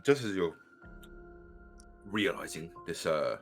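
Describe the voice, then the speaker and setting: A man's voice: low-pitched, animated, slow pace, faint music behind. A man running a tabletop game as game master, narrating scenes casually with fillers and swearing.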